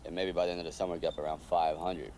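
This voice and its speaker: A cocky low-voiced union organizer. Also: male voice, very fast. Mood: coaxing. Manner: streetwise, teasing, blunt. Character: brash young male union organizer, cocky and pushy. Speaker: union official. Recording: film soundtrack with steady background noise.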